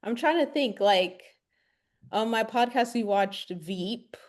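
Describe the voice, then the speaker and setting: Woman guest on a podcast, casual, kinda thinking out loud. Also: fairly high pitch, animated, takes it slowly. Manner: thinks aloud, hesitant restarts. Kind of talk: casual chat.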